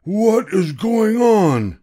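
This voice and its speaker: An older man voicing an angry male ticket seller who shouts indignantly in a storybook reading. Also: high-pitched, big pitch swings, very slow, voice pushed up, heavily acted.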